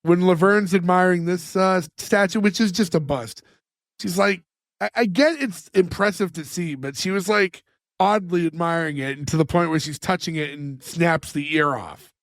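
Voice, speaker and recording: High-voiced man rambling casually. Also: moderate pace, dry recording. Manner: rambling, filler-heavy recaps with put-on quotes. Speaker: podcast co-host. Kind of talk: casual chat.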